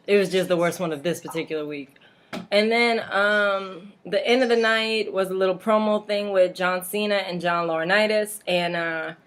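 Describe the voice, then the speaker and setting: A woman hosting a casual home vlog, chatty and rambling, with frequent laughs and mocking asides. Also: lowish voice. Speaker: vlog host. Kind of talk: casual wrestling recap vlog.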